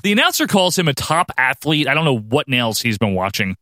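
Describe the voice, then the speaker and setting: A man's voice: mid-range voice, big pitch swings, fairly quick, pushed and bright, dry recording, clean studio sound. A man co-hosting a podcast, recapping in a casual, wry way and laughing often. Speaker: podcast co-host.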